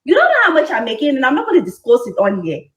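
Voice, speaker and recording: A woman caller with a high, lively voice argues her case insistently, words tumbling out in quick bursts with restarts. Her sound comes through an echoey streamed call. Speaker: caller on a dating show. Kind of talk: defensive live-stream call.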